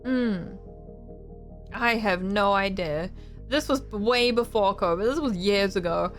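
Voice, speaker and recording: Young woman streamer just chatting, acts out people in her stories, soft music playing behind. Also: mid-range voice, slow pace. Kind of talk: casual storytelling chat. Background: faint music.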